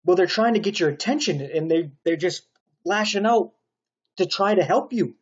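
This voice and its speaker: Preacher, male, rambling stern sermon, husky fairly high voice, dull lo-fi recording. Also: expressive, normal speed. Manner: rambling, stern and insistent, with rhetorical "right?" asides. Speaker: online preacher. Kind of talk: spoken sermon monologue.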